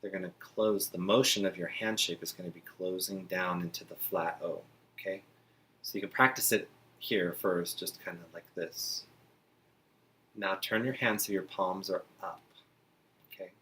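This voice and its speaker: A man teaching beginner sign language to parents in a friendly, chatty way, slowing down while he demonstrates signs. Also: low-pitched, slight background noise. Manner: relaxed, chatty, with frequent fillers and slow demonstrating passages. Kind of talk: friendly instructional talk to parents.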